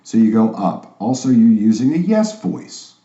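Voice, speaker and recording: This online course instructor leads a sales training class, speaking in a salesy way that is confident and emphatic. His medium-pitched voice is warm and unhurried, with big swings in pitch. The sound is roomy and a little dull.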